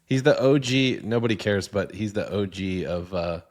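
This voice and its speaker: A man's voice: fairly low pitch, moderate pace. A man co-hosting a podcast in casual chat, telling stories in a playful way. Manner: storytelling, playful. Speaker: podcast co-host.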